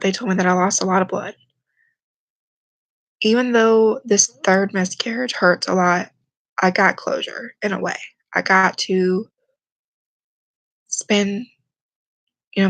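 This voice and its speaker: Holding back tears, a young vlogger quietly stumbles through a personal story on camera. There's vocal fry in her mid-range voice, which stays flat with little rise or fall, and the audio is dry and close-miked with no room echo.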